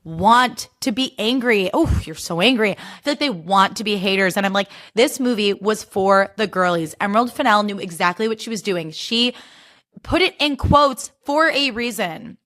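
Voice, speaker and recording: A woman's voice: mid-range voice, normal speed. A young adult woman hosting a solo podcast in casual chat, gushing and ranting with lots of swearing. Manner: animated, profane, gushing and ranting. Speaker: podcast host.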